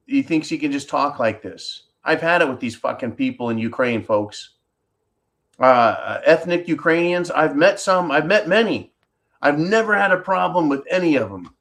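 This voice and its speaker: A middle-aged man with a fairly high, somewhat bright voice hosts a channel, delivering a profane, sarcastic commentary monologue. He talks straight to his viewers as "folks" from indoors in a tropical home.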